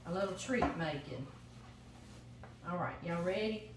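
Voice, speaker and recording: A woman's voice: lowish voice, measured pace. A woman from Louisiana with a Southern accent, chatting folksily to her viewers as she cooks in her home kitchen. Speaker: home cooking vlogger. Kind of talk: casual kitchen chat. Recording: roomy kitchen, mic at a distance, noisy.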